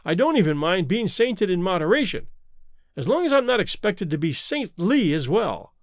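A man's voice: sits high, very animated, normal speed, no echo, clean studio sound. A man voicing a haughty, hot-tempered young pagan king in a storybook reading.

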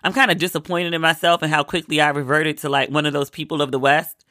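Chatty vlogger with a bright, dry voice. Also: mid-range voice, level tone, quick pace, no echo. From Maryland. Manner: chatty storyteller, acts out quoted lines. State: sick with a cold. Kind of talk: casual chatty monologue.

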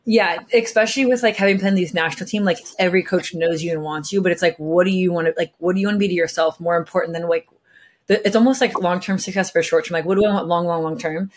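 Fast-talking young woman from California. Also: fairly low pitch, a little hiss or hum. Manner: bubbly, lots of filler words, acts out quotes. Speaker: guest, professional soccer player. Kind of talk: casual chat.

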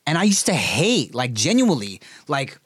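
A man's voice: medium pitch, huge pitch swings, normal speed, fairly bright tone, husky, no echo. Guy on a podcast, swears a lot, laughs easy, bouncy voice, dry mic. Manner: loose, crude and laughing. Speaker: podcast co-host. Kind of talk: casual chat.

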